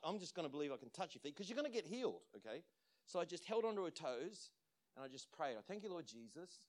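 Male pastor, slightly higher voice, animated storytelling sermon, laughs a lot. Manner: animated storytelling, acts out quotes, laughs often.

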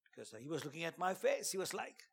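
A man preaching a sermon and telling a dramatic testimony, dropping to a hush and then rising to shouts. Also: on the high side, big pitch swings, fast talker, creaky, slightly rough. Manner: dramatic storytelling, swings from hushed to shouting; preaching with emphatic call-outs.

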